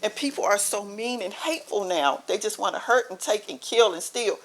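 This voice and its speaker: A woman's voice: mid-range voice, moderate pace, a little hiss or hum. A middle-aged woman from Maryland giving heartfelt, emphatic remarks at a public board meeting, telling a story at a podium microphone. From Maryland, USA. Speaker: honoree's guest speaking at a county board meeting.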